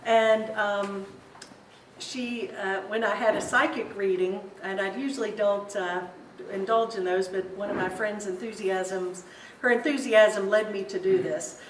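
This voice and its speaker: A woman's voice: mid-range voice, fairly even intonation, measured pace. Woman telling stories at a spiritual center talk, laughs a lot, echoey room, mic kinda far off. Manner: chatty, storytelling, laughs easily. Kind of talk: informal spiritual talk to a group. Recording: roomy echo, distant mic, faint hiss.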